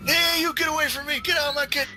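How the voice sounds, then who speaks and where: A man's voice: very high voice, little pitch movement, racing, over music, pitched above the performer's own voice. A man voicing a flustered, fawning male camp cook, babbling eagerly to please.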